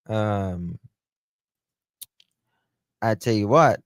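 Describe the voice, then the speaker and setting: A man talks slowly in a low voice on a livestream. He greets his chat by name and drifts between topics in loose, unfinished sentences. The sound is dry and close, with no room around it. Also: no echo. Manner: chatty, greets viewers by name, trails off and restarts. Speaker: livestream host. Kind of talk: casual livestream commentary.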